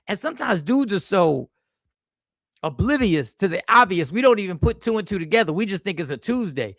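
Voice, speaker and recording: Livestream host, male, high gravelly voice, slangy and animated, dry close sound. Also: moderate pace, no room sound. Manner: animated, slangy, reacts to chat with sudden exclamations. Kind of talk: casual livestream chat reading comments. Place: airport.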